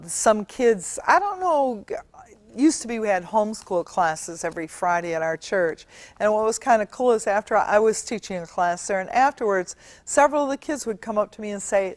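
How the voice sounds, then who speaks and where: A woman's voice: mid-range voice, expressive, normal speed, no echo. A middle-aged woman giving an earnest, emphatic Bible teaching in a studio, stretching out key words and using fillers. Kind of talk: teaching sermon.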